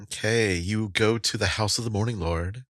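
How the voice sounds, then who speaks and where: A man running a tabletop game as game master, in brisk, casual table talk. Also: on the low side, fairly bright tone, no room sound, clean studio sound.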